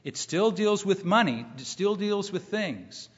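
Emphatic middle-aged preacher in a reverberant hall. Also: male voice, high-pitched, animated, unhurried, breathy edge. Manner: emphatic, repeats key phrases, rises when quoting scripture. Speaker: pastor. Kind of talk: sermon. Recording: muffled recording with long hall reverb.

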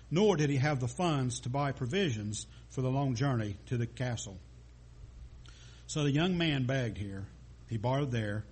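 A man's voice: medium pitch, darkish tone, breathy edge. A man preaching a sermon, telling a story with small stumbles and restarts.

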